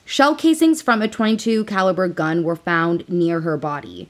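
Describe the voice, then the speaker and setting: A woman's voice: fairly low pitch, animated, normal speed. A woman in her thirties hosting a podcast, telling a true-crime story in a chatty, playful way. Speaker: podcast host.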